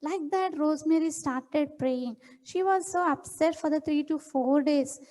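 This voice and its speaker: A woman's voice: high-pitched, a little slow, dark tone. Sunday school teacher, woman, Indian English accent, echoing hall. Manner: asks the children questions. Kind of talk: storytelling to children.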